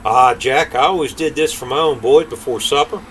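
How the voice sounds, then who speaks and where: A man's voice: medium pitch, moderate pace, a bit bright, far from the mic, slight background noise, natural voice, poor audio. An older grandfather reading aloud, voicing a sweetly scheming old giant woman in a coaxing tone. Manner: coaxing, sugary.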